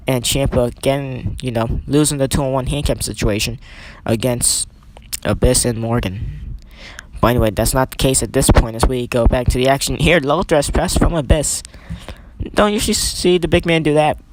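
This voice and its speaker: Young male hobby commentator, mid-pitch, loose rambling play-by-play, faint hiss and clicks behind. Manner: rambling, self-correcting, chatty asides. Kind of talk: casual video game commentary.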